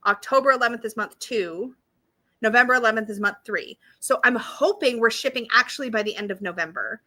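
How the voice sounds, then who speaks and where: A woman's voice: on the high side, pushed and bright. A woman hosting a live stream in a bubbly, chatty way, greeting viewers by name and reading their comments aloud. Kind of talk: casual live-stream chat.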